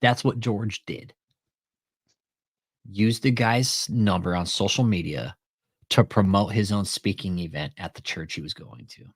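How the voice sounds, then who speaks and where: A man with a fairly low voice chatting casually as a commentary host, recorded dry and close. He swears often and tells his story by acting out both sides of a phone call. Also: unhurried, breathy edge, dry recording. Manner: profane, retells phone calls with quoted dialogue.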